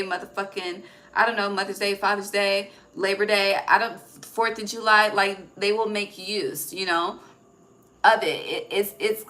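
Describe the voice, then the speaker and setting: A woman's voice: medium pitch, bright, forceful tone, rough recording. A woman giving a casual, intuitive tarot reading, chatty and profane, often checking in with "okay?", recorded on her phone. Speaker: tarot reader.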